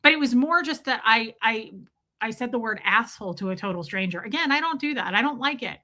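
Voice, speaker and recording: A woman's voice: fairly high pitch, bright, forceful tone. A woman hosting a live stream from home, telling a story to her chat in a chatty, blunt way and swearing freely.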